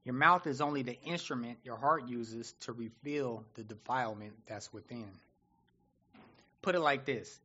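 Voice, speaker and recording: A man preaching a sermon in an animated, conversational way, often acting out what people say. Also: mid-range voice, normal speed, breathy edge, muffled recording.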